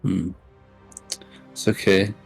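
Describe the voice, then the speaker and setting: A man playing a tabletop game, laid-back and thinking out loud. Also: low voice, level tone, takes it slowly, vocal fry, faint music behind, rough recording. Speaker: player. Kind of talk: casual tabletop game play.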